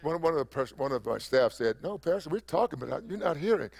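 Man, pastor, sermon, high-pitched, gravelly, emphatic, repetitive cadence. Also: animated, fast, a little mellow. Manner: preacherly, emphatic, repeats phrases for effect.

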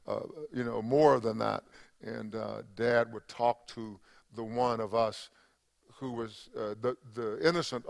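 An older male pastor preaching a sermon in a gravelly voice. He builds to loud, emphatic peaks and then drops back into a quieter, conversational tone. His delivery is full of fillers and restarts. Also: medium pitch.

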